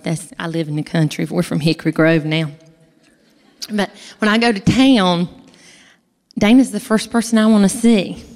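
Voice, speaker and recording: A woman's voice: mid-range voice, a little mellow. A woman gives a chatty church testimony from a stage, talking straight to the audience. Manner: folksy, chatty, addresses the audience directly. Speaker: speaker giving a testimony. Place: large hall, speaking from a stage. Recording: echoey hall with long reverb.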